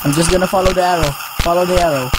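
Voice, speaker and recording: A young man giving let's-play commentary on a horror game, swearing a lot and yelling when something startles him. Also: high-pitched, fairly even intonation, very fast, over loud music, poor audio. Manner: swears a lot, jumpy, yells when scared. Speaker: gaming YouTuber.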